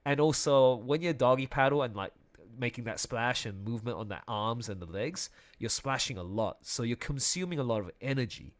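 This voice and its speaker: A young man recounts a mishap to friends in a relaxed, conversational way. His voice sits at an ordinary middle pitch, and he laughs easily, restarting sentences as the story tumbles out. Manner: animated, laughs often, quick restarts.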